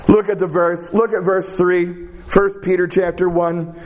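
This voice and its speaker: A man preaching a sermon who repeats key phrases for emphasis and drops to a quiet hush when he prays. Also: high voice, little pitch movement, measured pace, few pauses.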